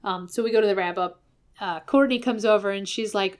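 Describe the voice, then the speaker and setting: Woman host chatting through a story recap, lively, mid pitch. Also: brisk. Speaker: podcast host. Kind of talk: casual recap with quoted voices.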